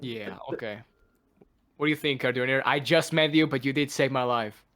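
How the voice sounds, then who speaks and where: A man playing a tabletop game online, excitable and quick to laugh. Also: medium pitch. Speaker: player.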